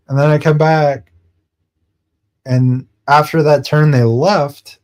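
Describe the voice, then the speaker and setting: Streaming, a man with a fairly high, slightly mellow voice wanders through a casual story. He acts out his friends' lines in rapid quotes, with occasional laughter and swearing.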